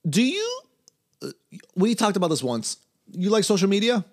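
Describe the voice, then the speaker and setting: A man's voice: high-pitched, huge pitch swings, moderate pace, darkish tone. Guy hosting a chill podcast, bouncy voice all over the place, rambly and teasing. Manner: rambling, teasing, restarts mid-word. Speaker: podcast host. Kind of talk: casual podcast chat.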